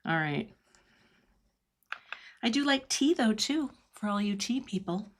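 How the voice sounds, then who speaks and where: Middle-aged woman demoing cards live, chatty, laughs a lot, goes quiet when she focuses. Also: mid-range voice, lively intonation, a little slow, slight background noise. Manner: chatty, laughs often, drops to a whisper when concentrating. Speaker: cardmaking instructor. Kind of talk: live online craft demonstration.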